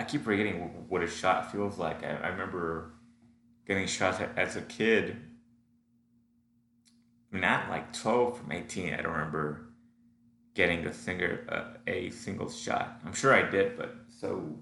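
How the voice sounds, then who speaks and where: A man's voice: sits low, gravelly, pushed and bright. A man with a stuffy nose, rambling casually into a home recording setup in his apartment, full of fillers and restarts. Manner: meandering, many fillers and restarts. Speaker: solo audio diarist. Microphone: home recording setup at a computer. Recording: echoey room with faint hum.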